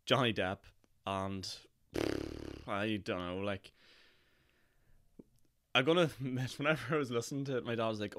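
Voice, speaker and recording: Hoarse young Northern Irish man, chatty. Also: on the low side, very animated, normal speed, pauses often, a bit bright. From Northern Ireland. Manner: chatty and jokey, with frequent laughs and fillers. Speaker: podcast host. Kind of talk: casual solo podcast chat.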